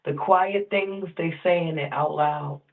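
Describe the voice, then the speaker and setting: A man co-hosting a casual stream chat, animated and agreeable with slangy talk. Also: a little high, slow, gravelly. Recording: tinny phone-like line.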